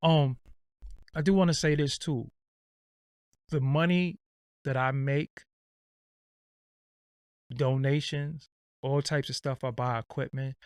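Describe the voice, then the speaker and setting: A man's voice: mid-range voice, steady tone, slow pace, pauses often, clean tone, no room sound, studio quality. A man hosting his own livestream, ranting bluntly and casually with profanity and lots of fillers. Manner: blunt, profane, streetwise, rambling. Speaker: channel host.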